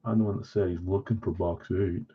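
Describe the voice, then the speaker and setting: A man's voice: low voice, steady tone, brisk, vocal fry, slightly rough. Chatty self-mocking man, lo-fi stream. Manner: self-deprecating, chatty, talks to chat viewers. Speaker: live card break host. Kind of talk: casual live-stream chat. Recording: slightly dull lo-fi stream audio.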